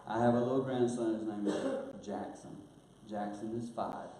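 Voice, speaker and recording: An older man telling a personal story in a sermon, earnest, growing hushed at painful moments. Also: medium pitch, fairly even intonation, normal speed. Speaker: guest speaker. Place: church auditorium. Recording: very echoey church hall, faint hiss.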